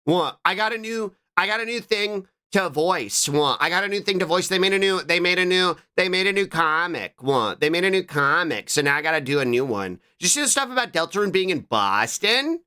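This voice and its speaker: A man's voice: high voice, lively intonation, fairly quick, hardly any pauses, sharp tone, smooth. A man streaming live, chatting casually, rambling and repeating himself as he answers chat.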